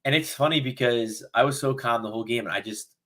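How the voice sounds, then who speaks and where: A young man co-hosting a fan podcast, retelling a match in a rambling, animated way. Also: medium pitch, quick pace. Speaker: podcast co-host. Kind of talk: casual chat.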